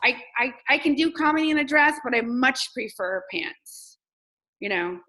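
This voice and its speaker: A woman's voice: high voice, expressive, normal speed, sharp tone, rough recording. A woman from Texas, a comedian and coach, talking candidly in an interview, telling stories with lots of filler words. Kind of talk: casual interview chat.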